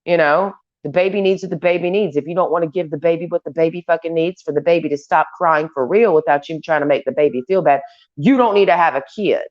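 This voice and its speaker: Woman vlogger, low-pitched, blunt and foul-mouthed, rambling rant, dull lo-fi sound. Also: quick pace. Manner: crude, profane, blunt. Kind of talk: rambling stream-of-consciousness rant. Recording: dull lo-fi recording.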